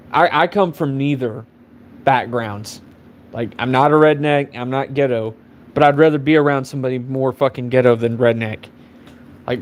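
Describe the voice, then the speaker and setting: A man in his twenties ranting casually on a live stream, rambling and profane with constant fillers. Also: mid-range voice. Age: 20s. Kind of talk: casual rant.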